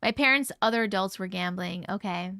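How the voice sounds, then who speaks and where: A woman's voice: mid-range voice, a little fast, sharp tone, dry recording, studio quality. A woman hosting a casual livestream, chatting and reading chat aloud, swearing casually, her voice strained and fading. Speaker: livestream host reading viewer stories.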